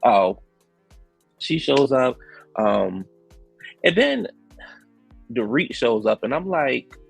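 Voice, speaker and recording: A man giving casual, animated commentary as a reality show recap host, slangy, acting out the quotes. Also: medium pitch, slow pace, gravelly, breathy edge, no echo, faint music behind.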